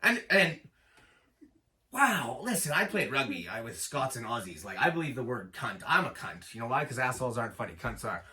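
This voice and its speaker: A man performing a raw, profane stand-up set on a small self-built stage, loud and animated. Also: mid-range voice, a little fast, far from the mic. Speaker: stand-up comic.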